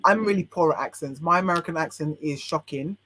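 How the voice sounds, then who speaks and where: A woman's voice: low voice, fast, fairly bright tone. Frank, opinionated British woman. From United Kingdom. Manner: frank and opinionated, many restarts. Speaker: podcast guest, life coach. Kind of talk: casual podcast chat.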